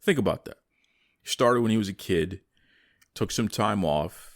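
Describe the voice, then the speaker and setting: A man's voice: lowish voice, expressive, moderate pace, no room sound, studio quality. A man hosting a wrestling podcast in a folksy, chatty way, with a tired morning voice. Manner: folksy, chatty, repeats words. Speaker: podcast host. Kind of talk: casual podcast talk.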